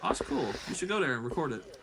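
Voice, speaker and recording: Animated, rambling man telling stories. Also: on the high side, quick pace, gravelly. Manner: rambling, profane storyteller. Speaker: podcast co-host. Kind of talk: casual chat. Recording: steady background noise.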